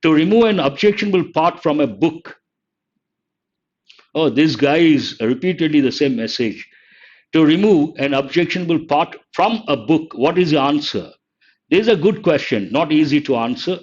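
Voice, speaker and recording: An older man teaching English vocabulary in a live online exam-prep lesson, explaining slowly and repeating words, sometimes scolding the chat. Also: on the high side, expressive, a little mellow. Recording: dull lo-fi stream audio.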